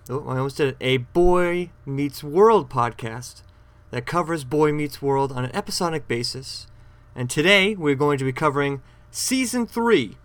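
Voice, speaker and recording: A man's voice: medium pitch, fairly bright tone, no room sound. A man hosting a podcast on his own, recapping a TV episode in a rambling, chatty way with frequent self-corrections. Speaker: podcast host.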